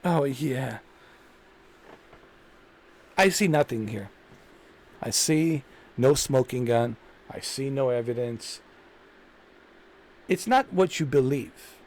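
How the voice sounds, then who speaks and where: A man's voice: medium pitch, animated, slow, pauses often, a little mellow. A man hosting a commentary video, ranting in an indignant, repetitive way and hammering the same points. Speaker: commentary channel host.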